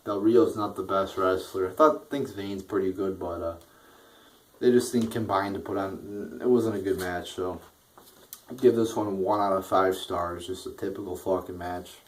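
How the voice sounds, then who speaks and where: A man's voice: low voice, moderate pace, slight background noise, poor audio. A man giving a casual, profane review, blunt and rambling, with a bored, dismissive tone. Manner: blunt, crude, rambling with frequent swearing. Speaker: wrestling show reviewer.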